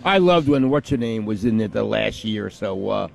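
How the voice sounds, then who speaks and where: A man's voice: fairly low pitch, lively intonation, normal speed, gravelly, faint music behind. An older man in casual chat, laid-back and agreeable, chuckling often.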